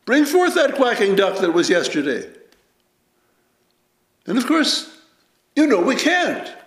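Reflective man giving a Zen dharma talk. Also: sits high. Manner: measured, reflective, lively storytelling. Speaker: Zen teacher. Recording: roomy echo.

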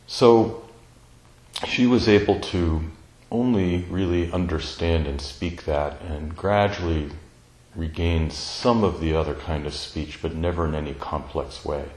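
A man telling a personal family story in a slow, tender, reflective way, pausing often. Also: deep voice, a little mellow, roomy sound, poor audio. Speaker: speaker sharing a personal story.

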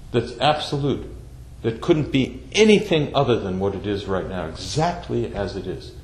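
A man giving a slow, deliberate Zen dharma talk, repeating phrases for emphasis. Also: lowish voice, darkish tone. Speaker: Zen teacher. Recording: echoey room with faint background noise.

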